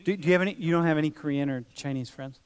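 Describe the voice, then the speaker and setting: A man's voice: a little high, rapid-fire, clean tone. A man teaching a university class in a large lecture hall, talking casually and playfully, calling students dude and bro. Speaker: university professor.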